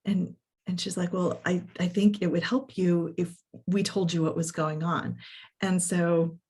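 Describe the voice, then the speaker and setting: A middle-aged woman coach telling a work story in a podcast conversation, animated and full of quoted dialogue and fillers. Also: fairly low pitch, measured pace, breathy edge. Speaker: coach and workshop facilitator.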